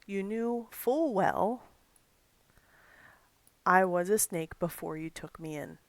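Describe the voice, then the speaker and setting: A woman voicing an ungrateful, sly male snake from a poem in a slow, pointed reading. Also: lowish voice, dry recording. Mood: scornful.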